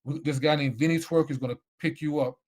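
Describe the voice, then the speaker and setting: A man putting on the voice of a stern male head football coach, gruff and clipped. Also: fairly high pitch, steady tone, fairly quick, darkish tone, natural voice. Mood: businesslike.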